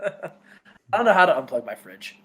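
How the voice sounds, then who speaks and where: A male co-host chats casually, tossing in joking asides and short reactions. His voice is notably high for a man and easygoing. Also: big pitch swings, normal speed, a bit bright. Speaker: podcast co-host. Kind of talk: casual chat.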